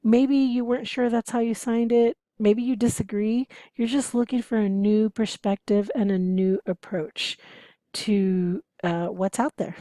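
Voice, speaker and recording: A woman's voice: on the high side, steady tone, measured pace, mellow, no room sound. A woman teaching interpreting students in a conversational, explanatory way, posing rhetorical questions as she goes. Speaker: interpreting instructor. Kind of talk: lecture to students.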